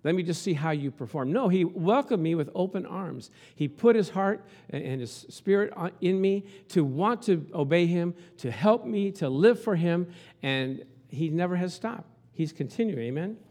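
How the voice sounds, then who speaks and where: A man's voice: sits high, expressive, moderate pace, a little mellow. A man in his sixties preaching a sermon in a conversational, folksy way with an Italian accent. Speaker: pastor.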